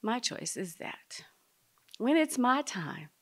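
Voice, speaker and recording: A woman telling a personal story to a live audience, dramatic and speaking straight to the listeners, sometimes dropping to a hush. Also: a little high, very animated, takes it slowly. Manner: dramatic, drops to a hush at tender moments.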